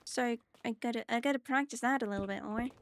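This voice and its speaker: A woman's voice: a little high, fast, noisy background. A young German woman, a native German speaker with an English accent that mixes British touches, chatting in a rambling, self-deprecating way while streaming a game. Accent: German-speaker with mixed British touches. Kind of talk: casual chat while playing.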